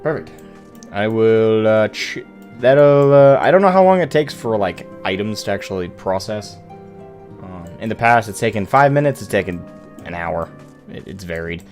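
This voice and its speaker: A man's voice: fairly low pitch, very animated, moderate pace, pauses often, faint music behind. A man streaming a game, chatting casually in a rambling, profane way, often correcting himself. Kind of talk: casual live-stream chat.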